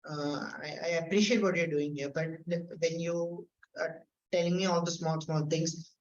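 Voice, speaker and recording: A man taking part in a workshop role-play, speaking earnestly and in a measured way, sometimes restarting as he searches for words. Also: a little high, fairly even intonation. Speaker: workshop participant. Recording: echoey room, dull lo-fi sound.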